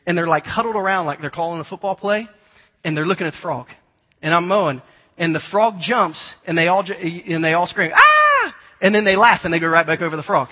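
A man preaches in a casual, storytelling way, his voice sitting a little high for a man. He is recorded in a large church hall with a long reverb trailing his words. The sound is dull and lo-fi. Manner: conversational storytelling, animated imitations of children. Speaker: pastor. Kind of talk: sermon.

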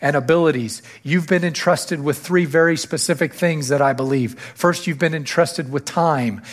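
A male pastor delivering a sermon to his church, repeating key phrases and lifting his voice to stress them. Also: fairly high pitch. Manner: preaching with rising emphasis on key phrases.

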